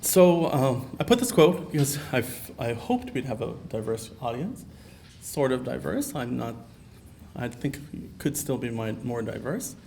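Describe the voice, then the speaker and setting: A man's voice: mid-range voice, very animated, unhurried, creaky, darkish tone, a little hiss or hum. A man from Canada giving a keynote talk at a conference, earnest and personal, telling stories with many fillers. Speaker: keynote speaker. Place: conference hall.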